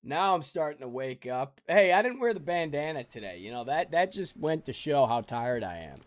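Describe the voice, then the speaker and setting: A man's voice: fairly high pitch, very animated, normal speed, no room sound. A man streaming a game live, joking and rambling sleepily with his chat.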